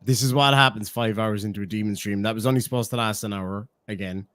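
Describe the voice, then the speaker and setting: A man's voice: on the low side, fairly even intonation, quick pace, fairly bright tone, dry recording. An Irish man hosting a stream, chatting casually and swearing as he reacts to clips, laughing often.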